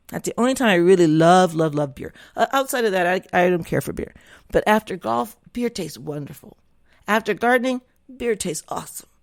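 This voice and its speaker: A woman's voice: mid-range voice, darkish tone, dry recording. Middle-aged woman, opinionated casual chat, close dry sound. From Southern United States. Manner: opinionated, chatty, rambling with restarts. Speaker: vlogger. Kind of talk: casual monologue to camera.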